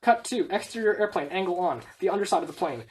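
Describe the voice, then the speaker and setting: A woman reading a film script aloud, stage directions included, in a brisk, matter-of-fact way. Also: on the low side, lively intonation, a little mellow, slight background noise.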